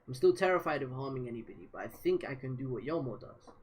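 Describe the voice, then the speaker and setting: A man voicing a calm, caring mother in a soft, steady manner as he reads aloud, with a husky voice. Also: medium pitch, fast talker. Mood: resolute.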